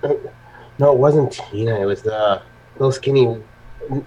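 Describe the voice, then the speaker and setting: A man hosts a casual live stream, swearing freely and laughing his way through anecdotes. His voice sits at an ordinary middle pitch. The audio is muffled and lo-fi, with the clear top end rolled off. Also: a little slow, warm tone. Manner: laughing storyteller who swears constantly. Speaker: host of a live vaping show.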